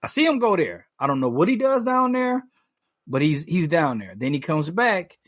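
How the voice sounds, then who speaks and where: Man, casual podcast storytelling, animated, rambling with fillers, slightly high voice, dry sound. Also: normal speed, no room sound. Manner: animated, lots of fillers and restarts, swears freely. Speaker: podcast co-host.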